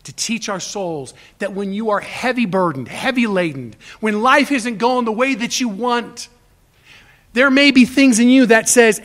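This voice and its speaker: High-voiced preaching pastor, man. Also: lively intonation, a little slow. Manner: emphatic preaching, swinging from loud to hushed; repetitive, exhorting the congregation. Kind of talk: sermon.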